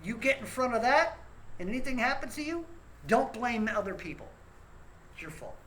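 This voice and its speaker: A man's voice: very high-pitched, very animated, normal speed, bright, forceful tone, slight background noise, low-quality recording. A man hosting his own rant show, scolding listeners in a blunt, profane and repetitive way. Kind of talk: angry ranting monologue.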